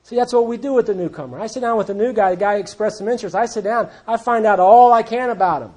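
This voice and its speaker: A man's voice: high voice, fast, few pauses, a little mellow. A man speaking at a recovery group meeting, telling his story in a blunt, plainspoken way with wry humor. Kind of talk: personal testimony talk.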